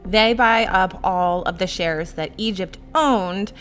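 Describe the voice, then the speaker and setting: A woman's voice: mid-range voice, slow, fairly bright tone, soft background music. Chatty laughing woman podcast host. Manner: chatty, laughs easily, jokey asides. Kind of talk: casual true crime chat.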